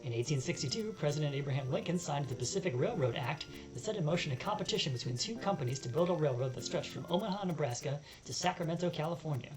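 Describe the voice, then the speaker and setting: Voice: mid-range voice, expressive, fast, hardly any pauses, music in the background, poor audio. A let's-play host reading game text aloud with joking asides. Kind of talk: casual game commentary.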